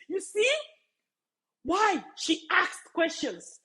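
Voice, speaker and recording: A woman with a high voice talks straight to her viewers as a study-abroad mentor. She is emphatic, drives her points home by repeating them, and breaks into laughter now and then. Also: animated, unhurried, noisy background. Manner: emphatic, repeats key phrases, laughs often. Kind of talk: casual live-stream talk to viewers.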